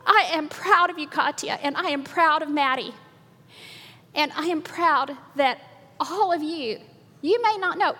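A woman's voice: very high voice, bright, forceful tone. An older woman giving an earnest, sermon-style talk with slides, telling stories with a laugh, in a hall with long reverb. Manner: earnest, preachy storytelling with laughs.

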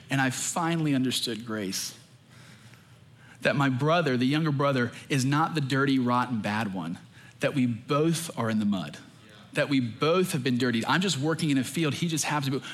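Earnest man preaching a sermon. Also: medium pitch. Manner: earnest, emphatic preaching with quoted voices. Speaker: pastor.

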